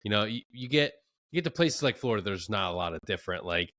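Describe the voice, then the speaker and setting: A man hosting a podcast, chatting in a relaxed, laid-back way with casual slang. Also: on the low side, fast, no echo, clean studio sound. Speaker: podcast host. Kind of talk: casual conversation.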